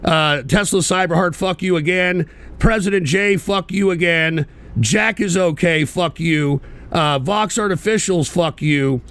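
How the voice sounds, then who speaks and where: A man's voice: sits high, measured pace, a bit bright. A man hosting an online political show, ranting bitterly and profanely in a repetitive way. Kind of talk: livestream rant.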